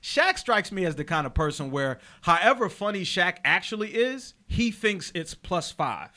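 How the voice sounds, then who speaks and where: A man's voice: sits high, very animated, moderate pace, sharp tone. A man hosting a podcast, riffing playfully in casual chat. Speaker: podcast host.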